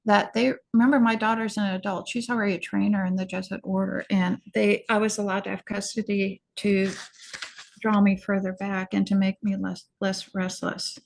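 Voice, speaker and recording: Middle-aged woman, podcast guest. Earnest, hurried personal testimony, mid pitch, gravelly fry. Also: level tone. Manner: earnest, hurried recounting with frequent restarts. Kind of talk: personal storytelling in an interview.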